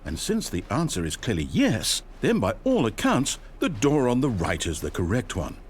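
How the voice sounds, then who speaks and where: A video-game narrator whose voice leaps widely across its pitch range, grand and theatrical one moment and wry the next. His delivery is dry and storybook-like, with a faint game hum behind him. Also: wildly swooping pitch, normal speed. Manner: swings from grand to panicked. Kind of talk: scripted narration.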